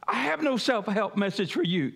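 A pastor preaching a sermon, calling on the congregation to repeat after him and building to emphatic peaks. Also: male voice, high voice, big pitch swings, moderate pace, creaky, fairly bright tone. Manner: call-and-response preaching, rising to emphatic peaks.

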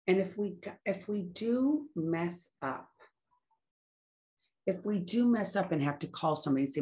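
A woman's voice: on the low side, measured pace, long pauses, warm tone. A woman speaking casually and earnestly about staying sober, often trailing off and correcting herself as she goes. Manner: earnest, rambling, self-correcting. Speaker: recovery speaker. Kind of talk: casual spoken talk on sobriety.

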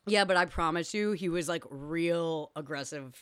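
A young woman with a fairly low voice recaps a film for her podcast. She jumps between narration and quoted dialogue, laughing and cursing freely. Her voice sounds dry and close to the mic. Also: normal speed, smooth, dry recording. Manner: retells scenes with quoted voices, laughs often, swears. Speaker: podcast co-host. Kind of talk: casual movie recap chat.

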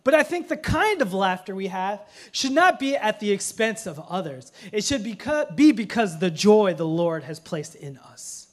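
A man preaching a sermon in a conversational way, mixing humorous family stories with earnest teaching and swinging from hushed lines to loud ones. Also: high-pitched, big pitch swings, moderate pace, few pauses. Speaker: pastor.

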